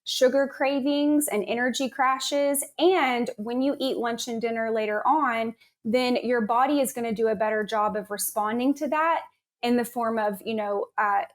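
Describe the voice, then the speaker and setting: A woman who is a naturopath, a guest on an interview, explaining health points in a steady, informative way. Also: on the high side, normal speed.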